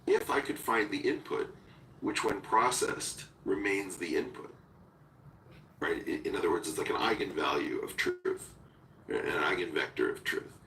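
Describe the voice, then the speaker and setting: Deep-voiced man in an echoey room. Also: huge pitch swings, a bit bright. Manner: deliberate, searching, with technical terms. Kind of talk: philosophical conversation. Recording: roomy echo from far off with faint noise.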